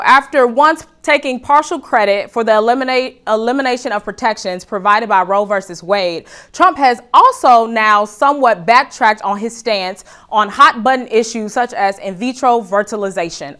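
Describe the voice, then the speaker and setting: Brief: woman talk show host, playful comedic monologue, slightly high pitch. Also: normal speed, hardly any pauses, sharp tone. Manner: joking, addresses audience as y'all. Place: studio with live audience.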